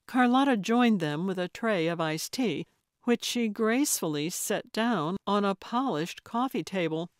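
Measured, slow-reading woman narrator. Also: on the low side, dry recording, studio quality. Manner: even, measured storytelling. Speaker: audiobook narrator. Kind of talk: scripted narration.

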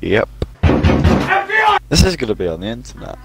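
A man's voice: lowish voice, sing-song, moderate pace, vocal fry. A young man bantering as a co-op teammate, trading crude, teasing jokes and laughing. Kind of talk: casual gameplay banter. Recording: loud background noise on mic.

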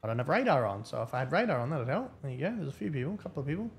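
A man's voice: mid-range voice, sing-song, rapid-fire, vocal fry, a little hiss or hum. A man giving casual, profane, rambling live-stream commentary as a game streamer.

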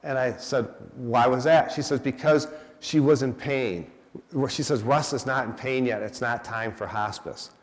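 A man's voice: mid-range voice, a little slow. A man, a hospice educator telling stories to an audience and quizzing them as he goes. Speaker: guest speaker, hospice educator. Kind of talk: storytelling talk to an audience. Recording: long hall reverb.

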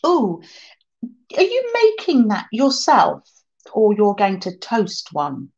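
A woman's voice: mid-range voice, huge pitch swings, slow pace, darkish tone, lo-fi sound. A woman hosting a craft livestream, chatting casually, reading out viewer comments and laughing often.

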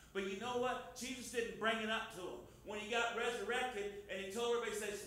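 A man pastor preaching an informal sermon in a folksy, emphatic way, swinging between loud and soft. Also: high voice, a little fast, few pauses. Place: church hall. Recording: very echoey room, faint noise.

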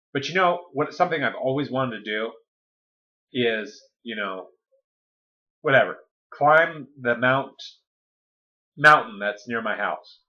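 Male coach, mid-pitched, chatty motivational delivery, keeps checking in with listeners, dull lo-fi recording. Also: expressive, unhurried. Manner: conversational, often checks in with "okay?" and "right?". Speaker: weight-loss coach. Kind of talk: casual motivational talk.

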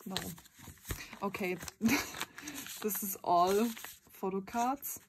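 A young woman in a casual unboxing vlog, gushing, giggling and often squealing in excitement. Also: medium pitch, extremely slow, pauses often. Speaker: vlogger. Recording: crinkling packaging noise behind. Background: bubble wrap and packaging crinkles.

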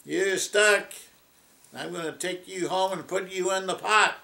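A man's voice: sits high, measured pace, gravelly, pushed and bright, pitched above the performer's own voice, full character voice. A man voicing a sly, scheming male fox from a folk tale, taunting his catch. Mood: gloating. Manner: gloating, taunting. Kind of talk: folk tale retelling in a sermon.

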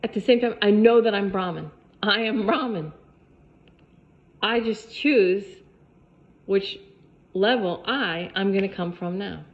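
A woman's voice: mid-range voice, unhurried, long pauses, dull audio. A woman vlogger giving a spiritual pep talk to camera, repeating her points emphatically in a preachy way.

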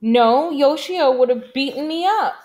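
Storybook boy, timid and scared, pitched a bit higher, read by a woman. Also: expressive, unhurried, darkish tone. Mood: fearful.

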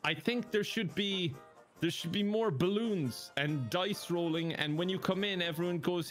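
A woman role-playing a customer in a slow, deadpan, hesitant way. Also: on the low side, soft background music. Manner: slow, flat, hesitant delivery. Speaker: role-play player in a customer survey.

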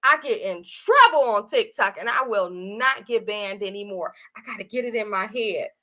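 A woman selling her online design course in casual live-stream chat, animated and chatty, often calling her viewers y'all. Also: medium pitch, normal speed.

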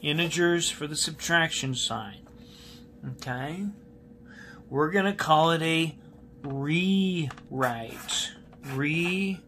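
A man's voice: fairly high pitch, takes it slowly, pauses often, pushed and bright, a little hiss or hum. A male math teacher giving a recorded classroom lesson, patiently repeating key steps and asking students questions while he writes on a board.

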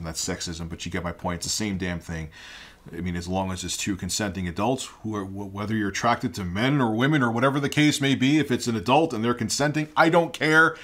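A man's voice: low voice, a bit bright. A man giving ranting opinion commentary, indignant and heated, firing off rhetorical questions. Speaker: online commentator.

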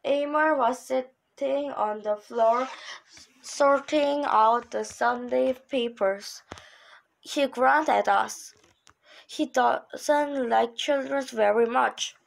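A woman reading a children's novel aloud in a steady, unhurried way. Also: high-pitched, creaky, rough recording. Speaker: reader.

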